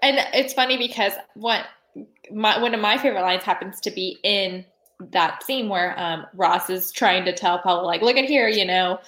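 Woman, relaxed casual chat, echoey room sound. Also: mid-range voice, moderate pace. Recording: roomy echo.

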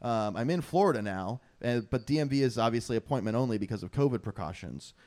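Young man, podcast host, casual chat, joking and rambling, laughs often, medium pitch. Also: animated, fast talker, a little mellow. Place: his father's home office.

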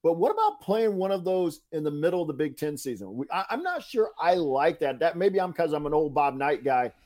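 A man hosting a casual sports chat, chatty and quick to jump in with questions from the chat. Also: fairly high pitch, big pitch swings, a little mellow. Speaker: podcast host.

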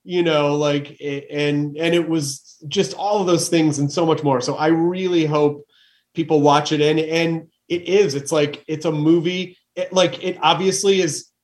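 A man's voice: a little high, steady tone, a little slow, a little mellow. A man hosting a podcast interview, chatting casually and rambling with frequent laughs. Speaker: podcast host.

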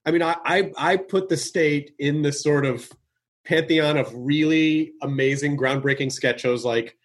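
A man's voice: a little high, steady tone. A man hosting a casual podcast conversation, speaking with enthusiasm and often restarting and repeating words. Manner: enthusiastic, halting, repeats words while searching for them. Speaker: podcast host.

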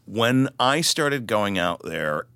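Deep-voiced man telling stories animatedly. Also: slow, clear, resonant tone, no echo. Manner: animated, self-deprecating storyteller with many restarts. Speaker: guest, author. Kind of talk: storytelling interview.

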